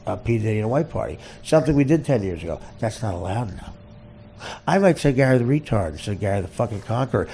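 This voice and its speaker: Gravelly man on a wild rant. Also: animated, fast, a little hiss or hum. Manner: swings between loud shouted bursts and low muttering; heavy cursing, repeats and stammers. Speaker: podcast host. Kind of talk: profane comedic rant.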